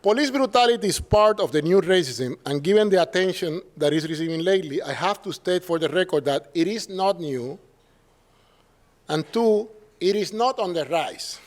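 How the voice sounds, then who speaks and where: Puerto Rican man lecturing with a lively voice. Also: sits high, normal speed. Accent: Puerto Rican Spanish. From Puerto Rico. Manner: lively and conversational, tag questions, acts out quoted dialogue. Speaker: professor giving a symposium talk. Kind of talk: academic lecture.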